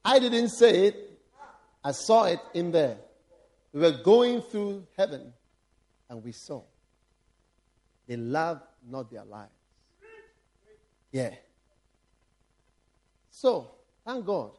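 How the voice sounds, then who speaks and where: A man preaching a sermon as a bishop, animated, breaking into laughs and shouts for emphasis. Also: on the high side, takes it slowly, pauses often.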